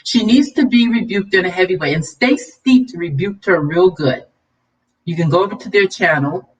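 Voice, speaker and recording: A woman's voice: lowish voice, normal speed, recorded from a distance, low-quality recording. A woman hosting a livestream commentary, preachy and scolding, then chatty and laughing with her viewers. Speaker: vlog host.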